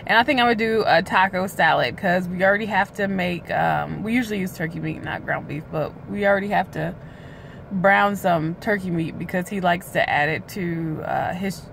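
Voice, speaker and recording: A woman talks straight to her phone camera in a casual, candid vlog, with plenty of drawn-out filler sounds. She sits in a parked car, and faint traffic noise drifts in behind her. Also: fairly low pitch, gravelly, a bit bright. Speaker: weight-loss vlogger. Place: parked car outside a hospital.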